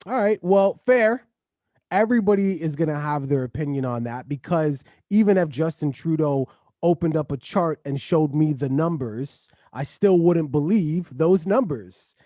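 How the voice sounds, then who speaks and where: A man co-hosting a podcast, chatting casually in quick, animated bursts. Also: a little high, no echo, studio quality. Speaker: podcast co-host.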